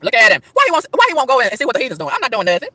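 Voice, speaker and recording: A woman preaching hard in a high, bright voice, her pitch leaping all over as she rattles through rhetorical questions at breakneck speed. She repeats and stumbles over words in her hurry, recorded outside with a dry, close sound. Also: wildly swooping pitch, rapid-fire, no room sound. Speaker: vlogger. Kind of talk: preachy street rant to camera. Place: outdoors in a park.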